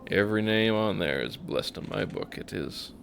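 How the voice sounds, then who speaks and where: A man's voice: on the low side, lively intonation, normal speed, gravelly, a bit bright, slight background noise. A man voicing a weary, plain-spoken mourner of the dead who talks in a folksy, rueful way.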